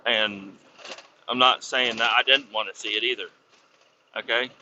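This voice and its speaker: A vlogging truck driver rambles on irritably about something while driving on a snowy road, swearing all the way through in a casual tone. He speaks unhurriedly in a steady, medium-pitched voice with a sharp edge. The highs are cut off, and there is slight background noise.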